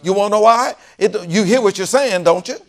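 A man's voice: sits high, fairly quick. A man preaching a sermon. He repeats each phrase a reader gives him and then breaks into folksy, emphatic asides. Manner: folksy, joking asides with a laugh. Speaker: pastor.

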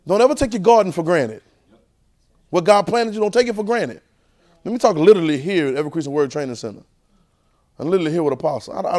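Male preacher, high voice, animated, repetitive, rhetorical questions, church class. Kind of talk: sermon. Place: church training center.

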